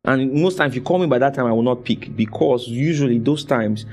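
A man's voice: medium pitch, a little fast, a little mellow. A man preaching a sermon, exhorting his congregation with call-and-response and repeating phrases for emphasis. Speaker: pastor.

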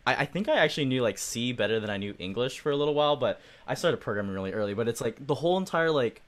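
Lively, rambling young man. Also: medium pitch, very fast. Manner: rambling, many fillers. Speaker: guest. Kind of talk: casual group chat.

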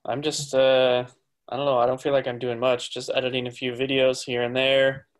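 A man's voice: medium pitch, level tone, normal speed. An American man co-hosting a casual podcast from his city home over a video call, easygoing and brief. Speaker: podcast co-host. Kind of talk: casual chat. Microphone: video call recording.

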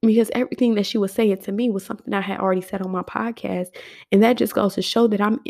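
A woman's voice: medium pitch, steady tone, fast, creaky, darkish tone. A young adult woman hosting her own podcast, speaking heartfelt and emotional to her listeners, moving into a spoken prayer. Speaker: podcast host.

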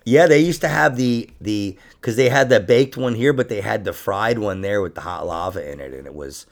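A man's voice: lowish voice, normal speed, vocal fry. A man co-hosting a comedy podcast in casual chat, laughing often and breaking into silly mock voices.

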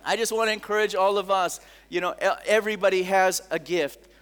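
A middle-aged man preaching a sermon as a pastor, telling stories in an animated way, often saying "come on" and acting out the voices of people he quotes. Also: high-pitched, fairly quick, clean tone. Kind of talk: sermon with storytelling.

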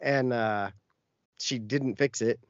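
A podcast co-host tells a long, rambling story in casual chat, packed with fillers. His mid-range voice takes things slowly, and the recording is muffled but has no echo.

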